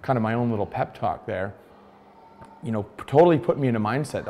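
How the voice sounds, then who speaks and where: A man's voice: on the low side, quick pace, noisy background. American former soccer player telling his story. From United States. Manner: animated retelling, acts out quoted dialogue. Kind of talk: storytelling interview.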